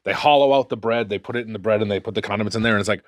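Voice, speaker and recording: A man's voice: fairly low pitch, racing, no echo, clean studio sound. A man co-hosting a comedy podcast, talking emphatically with lots of swearing and stumbling restarts. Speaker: podcast co-host. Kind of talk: casual comedic chat.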